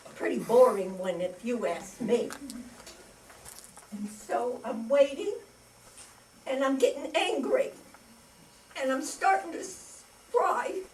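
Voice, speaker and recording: A woman's voice: fairly high pitch, slow pace, long pauses, darkish tone, a little hiss or hum. Older woman acting a cranky rambling bag lady. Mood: indignant. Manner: rambling, indignant storytelling with sudden outbursts. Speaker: amateur stage actor. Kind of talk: comic stage monologue. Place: community stage before an audience. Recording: distant stage recording.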